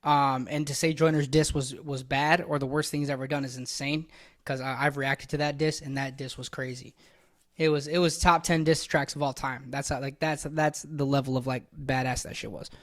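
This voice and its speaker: A man's voice: mid-range voice, flat delivery, normal speed, a bit bright. A man hosting a reaction video, giving blunt, opinionated casual commentary that rambles with frequent restarts. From United States.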